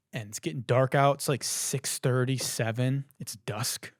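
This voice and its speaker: A young man hosting a podcast in casual, profane chat, telling stories animatedly and swinging between hushed and loud. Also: mid-range voice, steady tone, a little slow, few pauses, no echo, studio quality. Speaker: podcast host.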